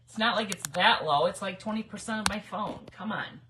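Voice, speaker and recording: A woman hosting a casual crafting livestream on her phone, chatty and giggly, nervously excited as she talks to viewers. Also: mid-range voice, brisk, noisy background. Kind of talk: casual live crafting chat.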